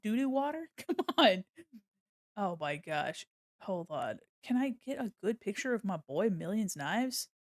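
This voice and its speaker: A woman's voice: medium pitch, big pitch swings, measured pace. A woman streaming her art, chatting casually and slipping into baby talk with her cat, on a desk mic at home. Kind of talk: casual live-stream chat. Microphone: desk mic on an arm.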